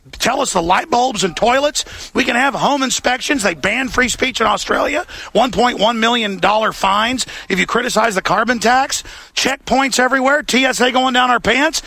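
A man's voice: extremely high pitch, pushed and bright, breathy edge, no room sound. A man hosting a talk show, ranting in an impassioned way. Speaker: host.

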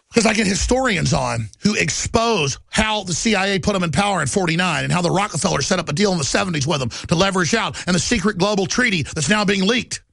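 A man's voice: high-pitched, vocal fry, sharp tone, no room sound, studio quality. A man hosting a radio and TV talk show, delivering an agitated, emphatic political monologue. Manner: agitated, ranting, fast and emphatic.

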